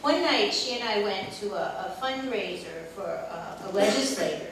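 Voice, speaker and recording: A woman's voice: mid-range voice, animated, moderate pace. An older woman giving a memorial tribute speech, telling fond stories of her friend with humor. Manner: warm storytelling with laughter. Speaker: eulogy speaker. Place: large echoey hall. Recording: echoey hall from far off, noisy.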